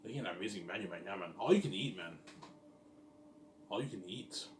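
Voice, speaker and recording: A man's voice: low voice, lively intonation, brisk. Rambling man in an echoey room. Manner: repetitive, keeps saying "yeah, man" and "look at that". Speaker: vlogger describing his company plans. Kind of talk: casual rambling monologue. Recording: echoey room, distant mic, faint ambient noise.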